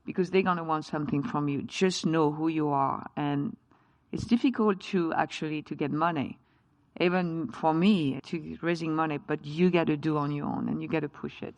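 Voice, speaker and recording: A woman's voice: low voice, steady tone, moderate pace, darkish tone, no echo. A woman with a French accent, French-born, speaking as a chef guest in a live on-stage interview, passionate and emphatic, with non-native grammar. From France.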